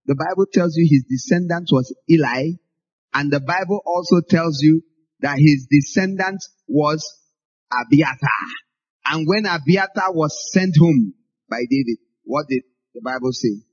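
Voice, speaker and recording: Male preacher, husky and fairly high-voiced, emphatic scolding sermon delivery, dull lo-fi recording. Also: unhurried. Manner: emphatic and scolding, with sudden rises in pitch and volume. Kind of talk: sermon-style Bible teaching.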